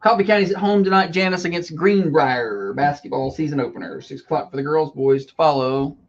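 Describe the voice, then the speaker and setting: A man co-hosting a morning radio show, chatting casually and joking with quick asides. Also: fairly high pitch, highs cut off.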